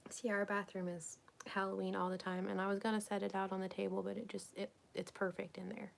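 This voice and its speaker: Chatty woman with a gravelly voice. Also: medium pitch, level tone, brisk. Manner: chatty and rambling, often drops to a whisper. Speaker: crafting vlogger. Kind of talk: casual live-stream chat while crafting.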